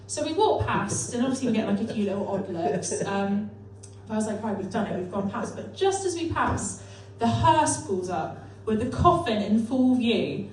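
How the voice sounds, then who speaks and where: Young woman stand-up, high voice, dry self-mocking delivery; boomy club, mic at a distance. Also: lively intonation, moderate pace, few pauses, darkish tone, slight background noise. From North Devon, England. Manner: dry, self-deprecating, swears casually. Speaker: stand-up comedian. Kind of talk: stand-up comedy set. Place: comedy club. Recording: echoey club from afar.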